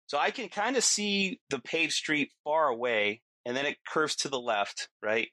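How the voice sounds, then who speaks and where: A middle-aged man as a podcast guest, telling a story in casual talk, animated and laughing often, acting out what people said. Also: a little high, a little slow, dry recording.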